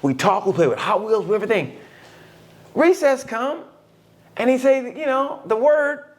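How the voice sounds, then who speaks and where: A middle-aged man co-hosting a podcast, telling stories in casual conversation and acting out the voices of the people in them. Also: moderate pace. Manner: animated storytelling, swings between high and low, acts out quotes. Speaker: podcast co-host.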